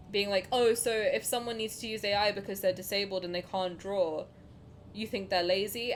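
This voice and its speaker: A woman streaming and chatting casually with her chat, animated and swearing freely, dropping to low mutters and then rising to loud outbursts. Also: a little hiss or hum. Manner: reads chat questions aloud and answers them.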